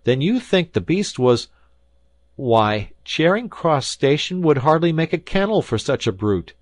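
A man's voice: a little high, big pitch swings, unhurried, no room sound, clean studio sound, pitched above the performer's own voice. A man voicing a skeptical young journalist who argues earnestly and with disbelief. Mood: incredulous. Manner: earnest, incredulous.

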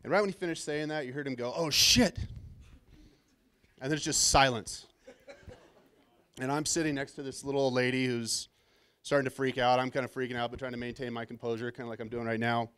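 A man's voice: mid-range voice, flat delivery, fast, fairly bright tone, clean tone. A middle-aged man from Southern California giving his first conference keynote, telling stories in a casual, self-deprecating and slightly nervous way on a stage microphone. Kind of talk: casual storytelling keynote talk.

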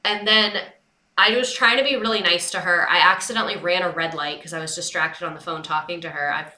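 A woman's voice: fairly low pitch, steady tone, fairly quick, bright, forceful tone, reverberant. A young woman hosting a casual livestream, chatting and retelling a phone call with quoted dialogue. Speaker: livestream host.

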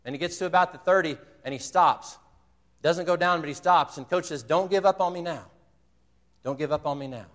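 A man's voice: on the high side, a little fast, a bit bright, long reverb tail. A man preaching a sermon, earnestly retelling a movie scene and quoting its dialogue. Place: church sanctuary.

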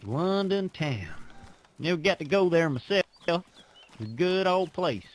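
A man voicing a creepy male cult preacher in an online game role-play, drawling slowly and asking probing questions. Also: high voice, lively intonation.

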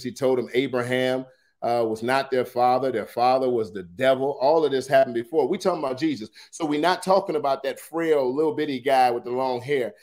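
A man leading a morning Bible study, reading scripture dramatically with colloquial asides. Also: mid-range voice. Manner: dramatic scripture reading, shifts loudness and pace widely.

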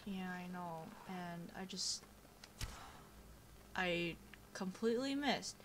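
A woman's voice: fairly low pitch, animated, very slow, pauses often, fairly bright tone, slight background noise. A young woman giving casual, chatty commentary over a video game playthrough, easily distracted and full of fillers, on a home computer microphone. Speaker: gameplay commentator.

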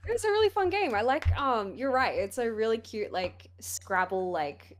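A woman guest chatting about games over an online call, her voice a little hoarse, talking in a hesitant way with many fillers. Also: fairly high pitch, expressive, normal speed. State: losing her voice. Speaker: guest gamer. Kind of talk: casual chat.

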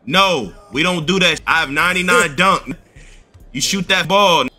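A man's voice: fairly high pitch, unhurried, bright, forceful tone. A man hosting a scripted gaming comedy, bossing and berating his teammate over game chat through a headset. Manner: bossy, berating, repeats insults. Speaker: gaming video host.

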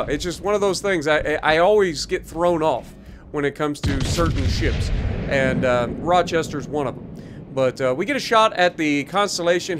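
A tired gaming YouTuber yawns as he plays, casually explaining his moves and joking at his own expense about his mistakes. His voice is fairly high in pitch and a bit bright.

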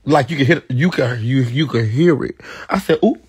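A young man telling a gossipy story on a livestream, dramatic, with sudden high shrieks and whispers. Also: moderate pace, husky, no echo. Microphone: phone.

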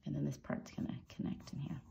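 Speaking fast in a mellow voice, a woman hosts a drawing tutorial in a casual, chatty style. She encourages the viewer and tosses in little playful sound effects while she draws.

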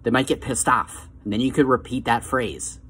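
A man giving calm, coaxing motivational advice straight to the viewer, slowing down on key phrases. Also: mid-range voice, breathy edge. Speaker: self-help vlogger.

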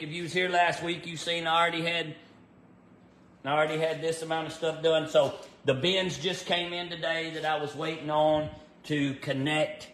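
A man's voice: on the high side, a bit bright, slight background noise. A man chatting casually on a livestream from his garage workshop, rambling with lots of fillers and greeting viewers by name. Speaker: race car builder livestreaming from his shop. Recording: roomy echoey shop.

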